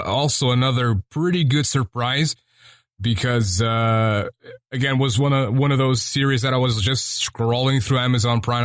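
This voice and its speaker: A man's voice: mid-range voice, fairly bright tone, no echo, clean studio sound. A man hosting a podcast in casual chat, rambling and swearing freely as he rants. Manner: rambling and profane. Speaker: podcast host.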